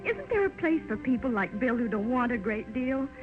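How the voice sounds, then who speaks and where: An actress in 1930s radio drama playing a young newlywed wife, loving and wistful, with an emotional delivery. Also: female voice, fairly high pitch, very animated, moderate pace. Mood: anguished. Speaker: lead actress. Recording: tinny 1930s radio broadcast with music.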